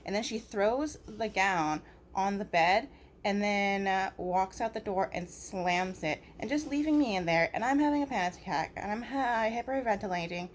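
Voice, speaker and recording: A woman's voice: mid-range voice, lively intonation, moderate pace, a little hiss or hum. A woman vlogger talking straight into her phone camera about a personal complaint, blunt and profane, leaning on fillers like "basically" and "like".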